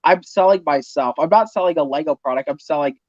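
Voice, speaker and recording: A man's voice: a little high, quick pace, darkish tone, no room sound. Emphatic man on a dull, dry line. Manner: emphatic, filler-heavy rambling. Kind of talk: casual chat.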